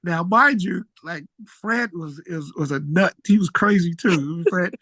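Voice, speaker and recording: Animated man telling stories, dry sound. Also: unhurried, dry recording. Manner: animated storyteller, jumps high when excited; relaxed, slangy talk. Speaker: musician guest. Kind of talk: casual storytelling interview.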